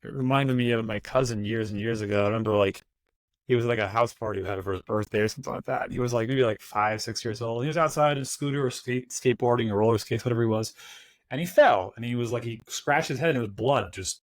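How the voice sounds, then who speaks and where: A man's voice: medium pitch, no room sound. A man hosting a podcast, chatting casually and acting out voices as he tells a story. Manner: quick, acts out voices in anecdotes. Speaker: podcast host.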